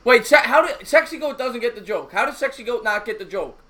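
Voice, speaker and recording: A man's voice: extremely high pitch, expressive, brisk, crowd noise. A man co-hosting a casual live sports talk stream, telling a rambling joke and reading out viewer messages. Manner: rambling, repeats himself, tells jokes.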